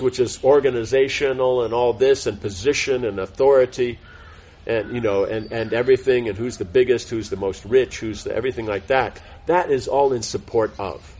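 A man's voice: medium pitch, a little mellow, slightly rough, lo-fi sound. A man teaching a devotional class in an informal, rambling way, full of fillers and self-corrections. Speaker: spiritual teacher giving a class.

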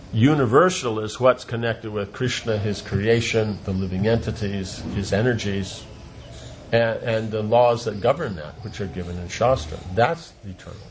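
Background noise runs under this recording of a man with a fairly low-pitched voice. Acting as a spiritual teacher, he delivers a rambling, informal religious talk full of repeated words and rhetorical questions.

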